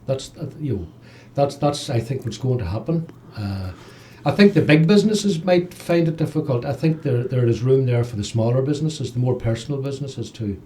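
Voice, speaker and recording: Give me a chatty Northern Irish man hosting. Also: medium pitch. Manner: lively, chatty, quick to laugh. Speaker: radio host. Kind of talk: casual chat.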